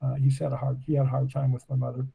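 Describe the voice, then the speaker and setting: This Nova Scotian man in his eighties races through casual talk as a podcast guest, rambling through long stories. His mid-range voice is monotone, warm and husky with vocal fry, and the recording quality is low.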